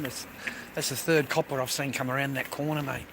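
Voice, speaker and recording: A man's voice: mid-range voice, fairly quick. A young man with an Australian accent, livestreaming from an outdoor city street and talking to his viewers in a laddish, swearing way. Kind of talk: live street-stream commentary. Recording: loud street traffic noise. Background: traffic and street ambience.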